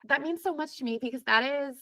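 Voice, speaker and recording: A woman hosts a podcast in a casual, earnest conversation, often repeating a phrase to drive it home. Her voice is bright and forward, recorded close and dry. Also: high voice, quick pace, dry recording. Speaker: podcast host, lactation consultant.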